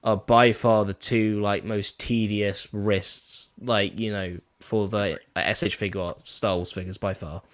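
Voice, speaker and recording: A man's voice: lowish voice, fairly even intonation, a little slow, few pauses. A young man, a guest on a live stream, chatting casually and rambling with many fillers. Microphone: headset or desk mic on a video call.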